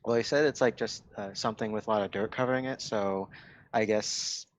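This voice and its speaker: A man playing a tabletop game casually, thinking aloud with hesitant pauses. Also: lowish voice, fairly even intonation. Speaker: player.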